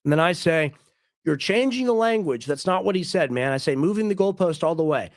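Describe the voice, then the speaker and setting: Male streamer, emphatic and repetitive, slightly high voice, dry close mic. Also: lively intonation, brisk, no echo. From United States. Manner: emphatic, argumentative, repeats himself. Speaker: streamer host. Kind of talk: casual commentary on a clip.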